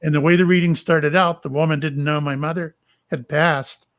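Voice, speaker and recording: Older man, halting storyteller. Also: fairly high pitch, steady tone, fairly bright tone. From Florida, USA. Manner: rambling, halting, with many fillers and restarts. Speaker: psychic medium and retired police officer. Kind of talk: casual storytelling interview.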